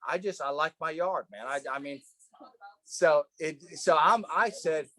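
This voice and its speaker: A man teaching a Bible study in a casual, animated way, often adding "right?" and "man" as he talks. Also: on the high side, unhurried, dry recording. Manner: animated storyteller, tags lines with "right?" and "man".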